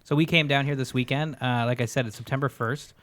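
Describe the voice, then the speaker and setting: Man, from Canada, podcast host, fast casual talk, outdoor pavilion. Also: medium pitch, steady tone, fairly bright tone. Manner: upbeat, quick-talking. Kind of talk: casual chat. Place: outdoor pavilion at a lakeside resort.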